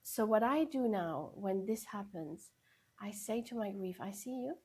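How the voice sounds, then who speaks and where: A woman speaking as a grief-coaching podcast guest, calm and measured. Her voice is mellow and a little husky. She leans on gentle, repeated phrases as she gives advice. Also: medium pitch.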